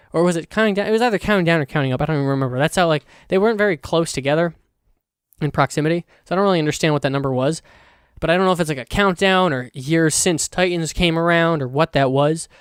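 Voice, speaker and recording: A young man chatting alone into his podcast mic, rambling and loose, full of fillers and restarts, with a casual curse here and there. His voice sits a little high and comes across smooth and clean. The sound is dry and close, with no room echo. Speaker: podcast host. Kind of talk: casual solo podcast chat.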